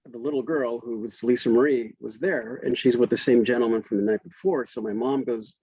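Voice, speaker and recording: A man's voice: mid-range voice, fairly even intonation, fairly quick, mellow, breathy edge, no echo, dull audio. A man in his fifties, a guest in an interview, telling a casual story with frequent restarts and laughs. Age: 50s.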